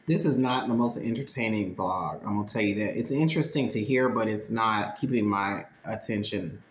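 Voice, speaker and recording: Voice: medium pitch, normal speed, reverberant, slight background noise. A reaction video host giving blunt, sassy commentary in a casual way.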